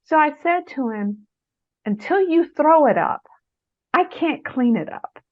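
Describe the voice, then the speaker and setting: Animated storytelling woman, muffled recording. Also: high voice, unhurried. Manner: animated storyteller, acts out quotes in a raised voice. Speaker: author and guest speaker. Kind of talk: conversational interview advice. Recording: muffled lo-fi audio.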